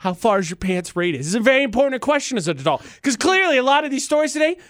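A man co-hosting a morning radio show on a studio mic, teasing and joking with quick asides. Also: very high voice, sing-song, a bit bright, no room sound. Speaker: radio co-host.

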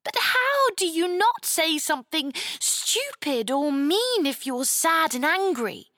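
A woman's voice: extremely high pitch, big pitch swings, slow, sharp tone, no echo, clean studio sound, voice pushed up, heavily acted. A woman reading aloud, voicing an earnest young girl who stumbles as she starts to speak. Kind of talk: storybook reading.

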